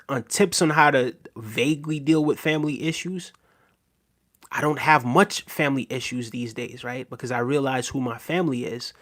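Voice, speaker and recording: A man's voice: mid-range voice, fairly bright tone. Laid-back man chatting with his viewers. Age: adult with a daughter. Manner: laid-back, chats to viewers, often tags "right?". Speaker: livestream host reading viewer comments. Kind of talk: casual livestream chat.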